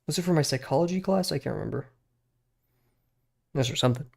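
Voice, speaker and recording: A man's voice: on the high side, animated, quick pace, vocal fry, darkish tone. A young man in his twenties, a streamer talking in a casual, rambling way, often laughing at himself. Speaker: drawing streamer.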